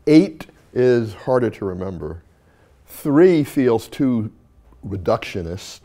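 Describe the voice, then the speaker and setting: A man's voice: lowish voice, very animated, slow pace, dark tone. A man, a university dean, giving an informal classroom talk, telling stories with asides and self-corrections.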